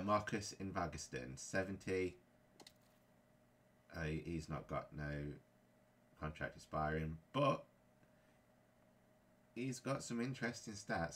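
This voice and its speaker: A man's voice: sits low, fairly bright tone. A man playing a football game and commenting casually, often frustrated and grumbling. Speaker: gaming YouTuber.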